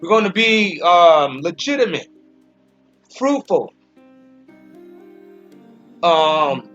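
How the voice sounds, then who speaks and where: A man giving an informal Bible commentary, speaking emphatically, repeating and restarting phrases, and slowing down when he reads verses. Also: sits high, a bit bright. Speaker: Bible teacher. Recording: dull lo-fi recording with faint music.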